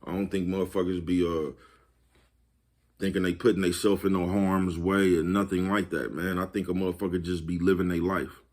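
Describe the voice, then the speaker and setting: A man's voice: deep voice, little pitch movement, fairly quick, a little mellow. A man, talking casually to his viewers, laid-back and repetitive, laughing at his own jokes. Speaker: vlogger. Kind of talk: casual monologue to camera.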